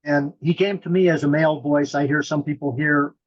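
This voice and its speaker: A man's voice: fairly high pitch, fairly even intonation, fairly quick, highs cut off. A man telling his story bluntly and animatedly in an interview, acting out the quotes. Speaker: guest, mystic.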